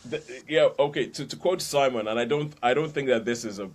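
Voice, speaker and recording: A man's voice: mid-range voice, a little fast. A man hosting a podcast, chatting casually about films and laughing between points. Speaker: podcast host. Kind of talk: casual film review chat.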